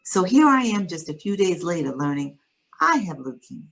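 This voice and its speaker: Woman, low gravelly voice, earnest testimony in conversation, measured delivery. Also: very animated, fairly bright tone, low-quality recording. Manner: earnest, measured storytelling with pauses. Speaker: guest sharing her story.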